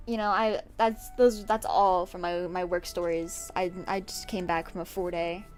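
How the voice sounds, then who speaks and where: A young woman streamer casually telling work stories to her chat while drawing, animated, laughing often and acting out what people said. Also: fairly low pitch.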